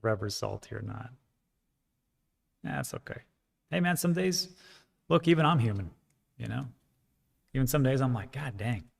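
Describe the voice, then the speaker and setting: Male livestream host, gravelly tone, rambling and frank, chatty with the audience. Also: medium pitch, expressive, normal speed, long pauses. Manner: rambling, frank, self-deprecating, with frequent fillers. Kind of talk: casual livestream chat reading viewer comments.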